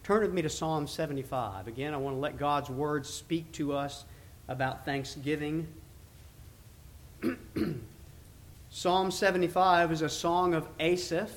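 Guy giving a sermon, bit higher voice, leans hard on the scripture lines. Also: slight background noise. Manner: reads scripture slowly and emphatically. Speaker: preacher.

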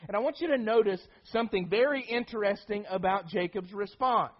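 A man's voice: high voice, fairly quick, few pauses, slightly rough, lo-fi sound. A man preaching a sermon, emphatic, often repeating words and restarting phrases.

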